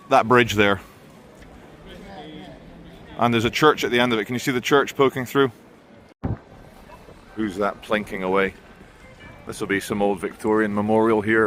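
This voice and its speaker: A man's voice: on the low side, a bit bright, slight background noise. A man giving blunt, sarcastic commentary in a vlog while walking outdoors through town streets. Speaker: vlogger.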